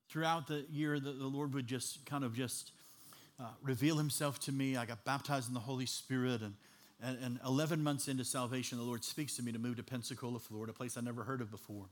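A man from Chicago preaches his own testimony like a story told to friends. His voice sits at a middling pitch, and he keeps it conversational, with jokes and plenty of fillers along the way. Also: fairly even intonation, a little fast. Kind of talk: testimony sermon.

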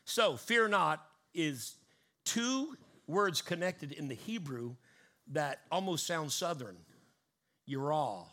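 A man's voice: on the high side, expressive, slow pace, bright, forceful tone. A man preaching a sermon to his congregation, building emphatic rising cadences and teaching word meanings. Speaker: pastor.

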